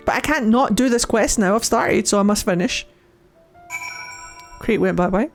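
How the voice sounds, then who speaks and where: A woman's voice: medium pitch, normal speed, long pauses, faint music behind. A woman streaming a game in a casual, chatty way, reading the dialogue aloud and joking, with many filler likes and frequent giggles. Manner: playful and giggly, with frequent laughs. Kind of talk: casual let's-play commentary, reading game text aloud.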